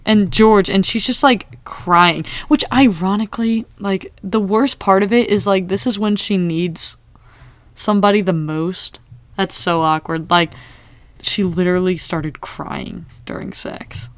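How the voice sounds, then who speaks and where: A woman chatting casually about a TV episode, animated and acting out quoted lines. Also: mid-range voice, a little slow, dry recording. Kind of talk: casual TV recap chat.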